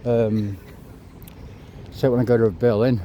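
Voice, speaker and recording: Man, 50s, walking vlogger, winded, chatty and sweary, mid-pitched, clip-on mic with street noise behind. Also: flat delivery, slow pace, dark tone, dull audio. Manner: chatty, rambling, swears and apologizes. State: out of breath. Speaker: travel vlogger. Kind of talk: casual walking vlog. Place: city streets outdoors. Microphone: clip-on mic to phone.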